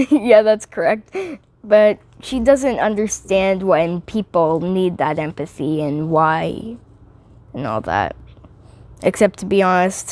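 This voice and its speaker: A woman's voice: on the low side, a little mellow. A teenage girl rambling and giggling through a casual movie review vlog, often drifting off topic.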